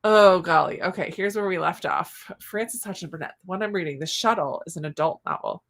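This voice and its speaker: A woman's voice: fairly low pitch, a little fast, few pauses, a bit bright. A woman hosting a cozy reading-sprint livestream, chatting casually and reading out viewer comments with giggly asides. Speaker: booktube livestream host.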